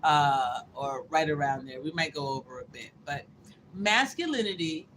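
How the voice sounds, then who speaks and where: A woman's voice: deep voice, lively intonation, normal speed, a bit bright, slight background noise, low-quality recording. A woman hosting a casual livestream, reading viewer comments aloud and answering them bluntly, with profanity and joking asides. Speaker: livestream host.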